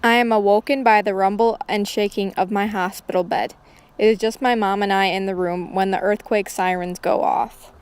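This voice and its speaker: Woman, story reader, smooth clear tone, plain first-person narration. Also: mid-range voice, steady tone, normal speed. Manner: reads plainly, voicing characters' lines lightly. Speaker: student reading her own story.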